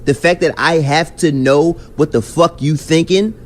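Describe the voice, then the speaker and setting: A man's voice: a little high, normal speed. A man hosting a podcast, ranting in casual chat full of slang. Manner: animated, ranting, heavy slang. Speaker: podcast host.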